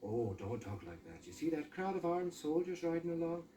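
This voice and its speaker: A man voicing a sly, smooth-talking male fox in an old audio story, coaxing and urgent. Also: moderate pace, far from the mic, a little hiss or hum, poor audio. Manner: coaxing, urgent, high and lively. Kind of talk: amateur storybook acting.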